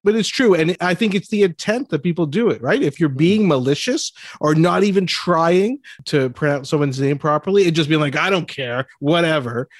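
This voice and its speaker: A man's voice: fairly high pitch, animated, a little fast, hardly any pauses, no echo. Man with a dry, close sound. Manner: thoughtful, agreeable. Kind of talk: casual conversation.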